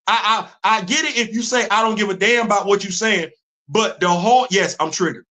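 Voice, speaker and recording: A high-pitched, bright middle-aged man hosts his own casual commentary show. He speaks heatedly and emphatically, hammering his points with repetition. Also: brisk. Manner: heated, emphatic, repeats himself. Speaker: host.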